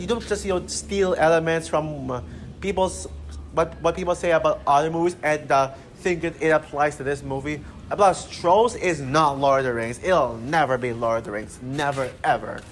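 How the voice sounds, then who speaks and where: Man, unscripted rant, exasperated, rambling, lots of fillers and restarts, a bit high-pitched. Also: a little hiss or hum. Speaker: channel host ranting about a critic.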